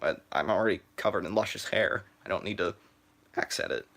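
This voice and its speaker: A teenage boy live streaming from his phone, chatting in a halting way with lots of "uh" and "like" and restarted sentences. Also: sits low, vocal fry, a bit bright. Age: teens. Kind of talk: rambling live stream chat.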